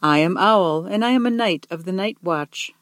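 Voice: mid-range voice, normal speed, a bit bright, no room sound, studio quality, lightly acted. A reader voicing a small, brave young male owl knight in a storybook, speaking politely and earnestly. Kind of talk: storybook read-aloud.

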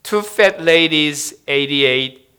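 A little old man with a kindly, solemn way of speaking, as a preacher puts him on. His voice sits a touch above a normal man's pitch and comes out smooth and clear. He delivers his lines slowly and earnestly. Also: sharp tone.

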